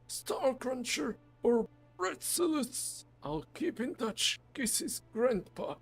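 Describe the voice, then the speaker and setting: A bubbly grandchild, as a man puts the voice on chatters in a squeaky, very high voice, far above his own. The talk is breathless and eager, with faint music behind. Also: big pitch swings, takes it slowly, breathy edge, full character voice. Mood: excited. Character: excited young grandchild calling grandpa.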